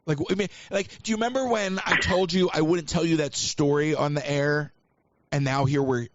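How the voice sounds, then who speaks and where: A man's voice: a little high, fairly even intonation, moderate pace, dull audio, noisy background. A man hosting a live call-in show, talking in a rambling, chatty and self-mocking way. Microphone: livestream mic.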